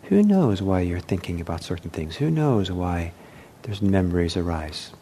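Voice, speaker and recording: Man giving a meditation talk, low voice, mellow tone, halting and gentle, faint rumble behind. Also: animated. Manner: gentle, unhurried, with frequent fillers and restarts. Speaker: meditation teacher. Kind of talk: dharma talk.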